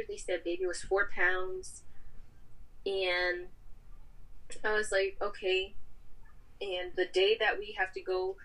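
A woman's voice: medium pitch, poor audio. A woman guest on a podcast, telling a personal story in casual talk and acting out the people she quotes. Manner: animated, acts out quoted voices.

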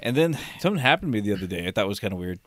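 A man with a somewhat low voice tells a work story in casual chat, stumbling and restarting as he goes. He swears freely and laughs along with his own anecdote. The sound is dry and close. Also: sing-song, rapid-fire, a bit bright, dry recording. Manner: rambling storyteller, many restarts, laughs while telling, swears. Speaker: office worker.

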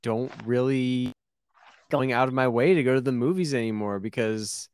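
A man's voice: medium pitch, moderate pace, a little mellow, clean tone, dry recording. A man co-hosting a casual podcast, talking hesitantly and self-effacingly, with many restarts. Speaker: podcast co-host. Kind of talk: casual chat.

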